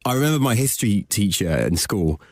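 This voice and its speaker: A man's voice: lowish voice, sing-song, a little fast, no room sound, clean studio sound. A man co-hosting a podcast, chatting earnestly and a little defensively, often stalling and restarting his sentences. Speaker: podcast co-host. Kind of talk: casual chat.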